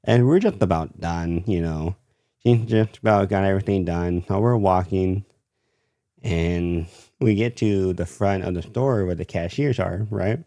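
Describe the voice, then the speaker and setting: A man's voice: deep voice, a little slow, mellow, no room sound, clean studio sound. A young man casually telling a story from his retail job, rambling with many fillers.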